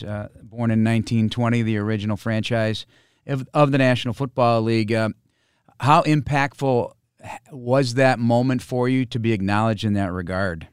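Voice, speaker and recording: A man hosting a sports podcast and interviewing a guest, speaking in a measured broadcaster's way with frequent fillers. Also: medium pitch, clear, resonant tone, no echo, studio quality.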